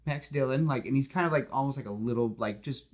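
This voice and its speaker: A man hosting a podcast, animatedly retelling his movie pitch with lots of "like" fillers and acted-out dialogue. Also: quick pace. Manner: animated storyteller, full of "like" fillers, acts out dialogue. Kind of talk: casual retelling of a film pitch.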